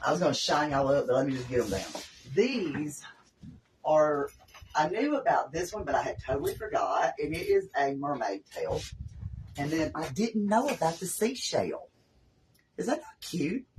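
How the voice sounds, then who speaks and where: A woman's voice: deep voice, darkish tone, slight background noise, rough recording. A woman with a Southern US accent, hosting a casual craft live stream and chatting in a rambling way with her viewers from her home craft room.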